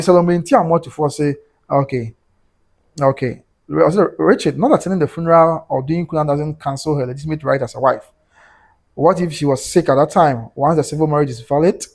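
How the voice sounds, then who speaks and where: Ghanaian man, livestream host, quick delivery, slightly high voice, reads viewer comments. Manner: fast, animated, switching between Twi and English.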